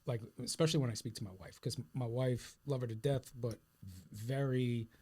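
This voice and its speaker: A man's voice: mid-range voice, steady tone, normal speed, dark tone. A man on a podcast telling an everyday story in a casual, informal way during conversation. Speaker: podcast co-host.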